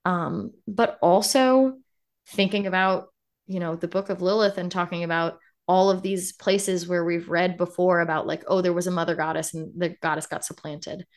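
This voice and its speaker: A woman's voice: fairly low pitch, fairly even intonation, moderate pace. A woman co-hosting a podcast, musing reflectively in casual conversation. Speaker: podcast co-host. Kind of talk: casual chat about a book.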